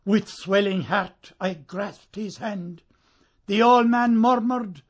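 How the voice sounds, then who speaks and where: A man reciting a narrative ballad in a measured way, letting lines trail off softly at the ends. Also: sits high. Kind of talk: poetry recitation.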